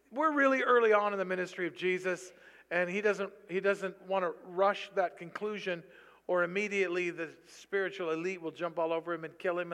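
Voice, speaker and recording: High, bright-voiced male preacher in a hall. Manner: animated, rising to loud bursts when quoting. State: tired. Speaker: pastor. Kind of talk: sermon. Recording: long reverb of a large hall.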